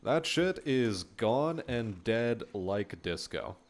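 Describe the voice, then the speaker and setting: Chill guy streaming a strategy game, mid pitch, mumbly, casual swearing. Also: big pitch swings, slow. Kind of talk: casual gameplay commentary.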